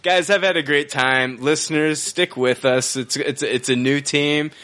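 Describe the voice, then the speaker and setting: A man's voice: fairly high pitch, fairly even intonation, measured pace, bright, forceful tone. A man hosting a podcast, joking and laughing often as he wraps up the episode. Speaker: podcast host. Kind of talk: casual chat and sign-off.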